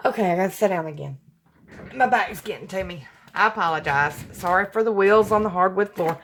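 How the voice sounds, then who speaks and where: A woman's voice: medium pitch, a little fast, background noise. A woman, hosting her crafting channel from home, gushing and apologetic and often sighing with emotion. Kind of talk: casual chat to camera. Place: home room with hardwood floor.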